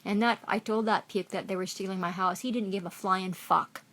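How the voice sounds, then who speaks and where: A middle-aged Canadian woman vlogs an angry rant straight to camera, swearing, accusing and repeating herself. Her mid-range voice is a bit bright and a little fast, with fairly even intonation.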